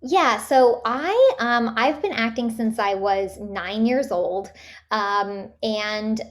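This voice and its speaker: A woman's voice: a little high, takes it slowly, faint music behind. A woman from Canada, a voice actress, chatting casually in an interview with many fillers and restarts. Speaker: voice actress guest.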